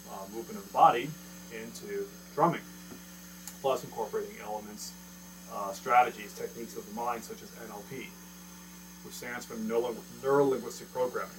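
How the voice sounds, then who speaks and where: A man's voice: fairly low pitch, background noise. Man counting beats in a drum lesson. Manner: explains step by step, counts beats aloud, checks in with "okay?". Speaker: drum teacher. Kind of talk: casual video drum lesson. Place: indoor room with electronic drum kit. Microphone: camera mic.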